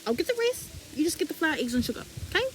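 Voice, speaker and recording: A woman's voice: sits high, very animated, racing, a bit bright, slight background noise, poor audio. A woman voicing a coaxing, generous God figure. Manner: coaxing, casual, encouraging.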